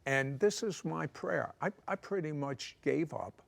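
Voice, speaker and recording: A man telling his life story in a studio interview, animated and teasing, with jokes slipped between serious moments. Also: fairly high pitch, a little slow, creaky. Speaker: guest telling his testimony. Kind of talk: conversational testimony. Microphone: clip-on microphone.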